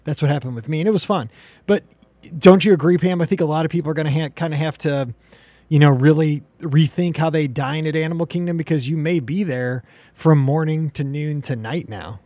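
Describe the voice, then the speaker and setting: A man's voice: a little high, fairly quick, dark tone, dry recording. A man hosting a casual podcast chat, upbeat and joking, with rambling asides. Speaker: podcast host.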